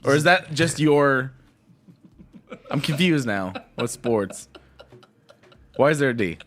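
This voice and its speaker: A man's voice: mid-range voice, expressive, takes it slowly, a bit bright, a little hiss or hum. A man co-hosting a podcast in casual chat, asking confused questions and laughing. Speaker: podcast co-host.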